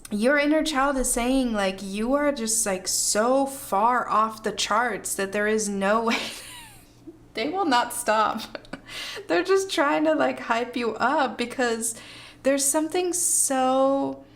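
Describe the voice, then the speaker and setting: A woman's voice: fairly high pitch, a bit bright. A woman doing a pick-a-card tarot reading, gushing and hyping the viewer up with slangy, effusive talk and frequent laughs. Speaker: tarot reader.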